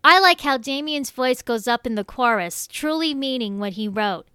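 A woman with a high, bright voice delivers a scripted music review. Her tone is smooth and clear, and she reads out facts and figures at a measured pace. The sound is dry and close. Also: lively intonation, no echo. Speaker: music commentator.

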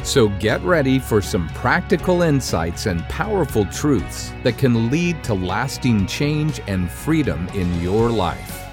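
A man reads an enthusiastic program introduction with a lively, varied delivery. Guitar music plays clearly underneath his voice. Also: medium pitch, takes it slowly, few pauses. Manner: upbeat, enthusiastic. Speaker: radio program host.

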